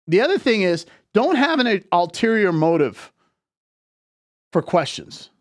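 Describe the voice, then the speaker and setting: Male relationship coach, higher register, dry close-mic, emphatic and repetitive. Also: big pitch swings, moderate pace, no echo. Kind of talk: live relationship advice talk.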